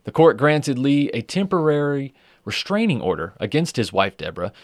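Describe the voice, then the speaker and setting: A man hosts a true crime podcast in a loose, casual way, full of fillers and the odd swear word. His voice sits at an ordinary middle pitch. The recording is dry and close, with no room sound. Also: big pitch swings, moderate pace, no echo. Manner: conversational, with frequent fillers and swearing. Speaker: podcast host.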